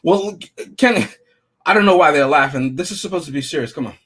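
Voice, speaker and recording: A man's voice: a little high, animated, fast, background noise. A man co-hosting a casual podcast chat, rambling and joking as he talks. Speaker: podcast co-host.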